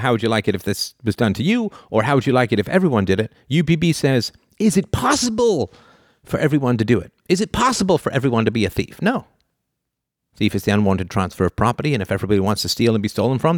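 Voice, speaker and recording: A man giving an animated philosophy lecture, full of rhetorical questions and laughing asides. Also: low voice, dry recording, clean studio sound.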